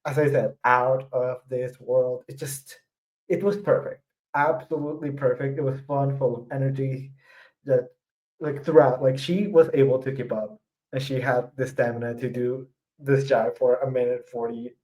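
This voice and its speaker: A man's voice: mid-range voice, fairly even intonation, moderate pace, darkish tone, poor audio. A man co-hosting a casual podcast, enthusiastic and effusive, with casual swearing now and then. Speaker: podcast co-host. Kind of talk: casual chat.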